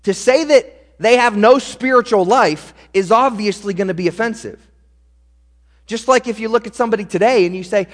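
A man's voice: high voice, expressive, moderate pace. A man preaching a sermon as pastor, earnest and direct, speaking straight to his listeners. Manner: earnest, direct, addresses the congregation. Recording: long hall reverb.

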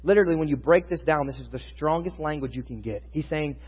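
A man's voice: fairly high pitch, quick pace, hardly any pauses, breathy edge. A man preaching a sermon in a conversational teaching style, building in intensity at times. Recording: muffled sound with long reverb in a hall.

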